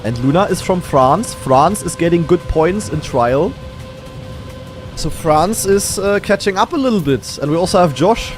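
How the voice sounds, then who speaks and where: A man's voice: high-pitched, unhurried, faint music behind. Chatty German-accented man with a raised voice. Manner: chatty, swears casually, breaks into excited outbursts. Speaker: streamer hosting a watch party. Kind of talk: casual live esports commentary.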